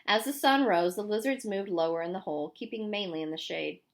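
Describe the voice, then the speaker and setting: A woman reading a novel aloud in a clear, steady storytelling manner. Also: mid-range voice, fairly quick. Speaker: audiobook reader.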